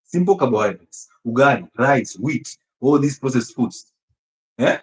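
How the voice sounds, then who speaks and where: A man giving an animated health talk, emphatic and teasing, often laughing and throwing rhetorical questions at his listeners. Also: medium pitch, unhurried. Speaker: health speaker. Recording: echoey room.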